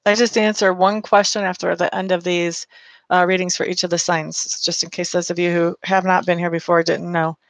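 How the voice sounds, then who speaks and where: A woman's voice: fairly low pitch, level tone, fairly quick, vocal fry, dry recording. A woman giving a live-streamed tarot reading, chatty and affectionate, calling listeners honey and reading out viewer comments. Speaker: tarot reader.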